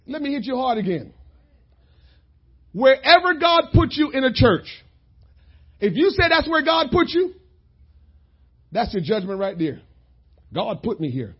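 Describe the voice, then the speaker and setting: High-pitched man preaching hard. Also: slightly rough, muffled recording. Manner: shouting, emphatic preaching with sudden drops to quiet asides. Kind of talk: sermon.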